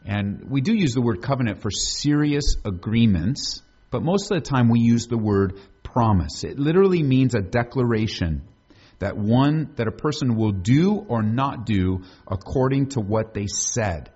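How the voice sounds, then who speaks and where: A man's voice: mid-range voice, animated, normal speed, dark tone, slightly rough, lo-fi sound. Man preaching a conversational sermon. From United States. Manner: conversational, asks the congregation questions. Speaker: pastor.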